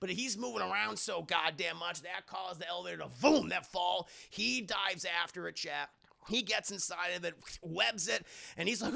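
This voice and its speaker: A young man walks his stream through a film scene by scene, animated and swearing freely. His voice sits fairly high with a heavy gravelly fry and a bright, sharp edge, and he keeps slipping into squeaky voices for the characters. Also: normal speed. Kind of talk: casual recap with put-on character voices.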